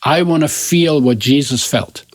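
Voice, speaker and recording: A man's voice: a little high, measured pace, no room sound. Older man telling a story, dry sound. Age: 80s. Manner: animated storyteller, often restarting phrases. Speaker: interview guest. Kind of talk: personal storytelling interview.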